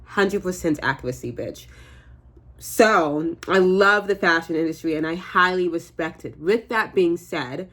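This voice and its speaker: A woman's voice: lowish voice, moderate pace, hardly any pauses, fairly bright tone. Chatty woman doing a makeup vlog. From United States. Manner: chatty, jokey, rambling with fillers and swearing. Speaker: beauty vlogger. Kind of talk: casual makeup tutorial chat.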